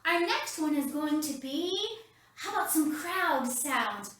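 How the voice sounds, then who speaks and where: A woman's voice: sits high, lively intonation, slow, a bit bright. A woman leading kids' story time from her home, upbeat and talking straight to the children. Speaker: children's ministry leader. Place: at home, roomy indoor space. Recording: very echoey room, mic at a distance.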